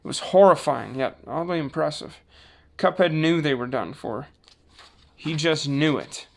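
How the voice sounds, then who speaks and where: A man reading a children's book aloud in a relaxed way, with small slips and self-corrections. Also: fairly high pitch, a little slow, gravelly. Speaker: storybook reader.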